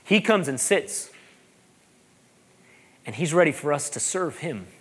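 A man, a pastor preaching a sermon, animated and joking, repeating phrases for emphasis. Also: a little high, unhurried, breathy edge.

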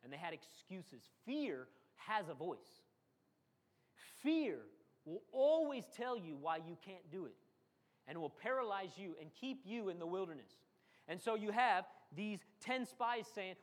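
At a normal speed, a man with a high, animated voice preaches a dramatic sermon. Phrases come back again and again for emphasis, and he slips briefly into the voices of the people he quotes.

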